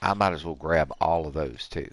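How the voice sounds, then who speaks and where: He's a man in his sixties with a rumbling low, creaky voice, talking at a normal speed. On his gaming channel he offers jokey let's-play commentary and trash-talks the characters.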